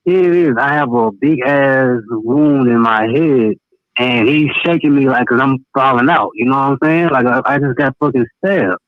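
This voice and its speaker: A man's voice: mid-range voice, normal speed, dry recording. Southern male caller, casual and profane, on a dry, phone-like line. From American South. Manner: casual, profane, laughs while telling stories. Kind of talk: phone-in storytelling.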